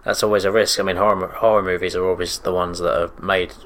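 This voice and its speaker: English man, very deep voice, hesitant, casual podcast talk. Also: level tone, quick pace, slight background noise. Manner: hesitant, many ums and restarts. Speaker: podcast co-host. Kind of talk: casual chat.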